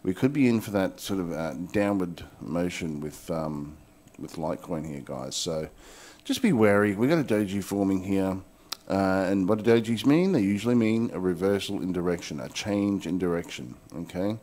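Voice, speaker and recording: In this video, a deep-voiced man with a somewhat dark tone speaks expressively at a normal pace. He first vents angrily about crypto, cursing bluntly, and then goes over the charts in detail.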